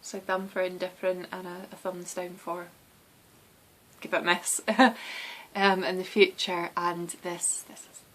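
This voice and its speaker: A woman's voice: lowish voice, flat delivery, unhurried, a bit bright, rough recording. A Scottish woman hosting a knitting podcast, chatting casually and meandering with lots of restarts and ums. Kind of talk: casual chat.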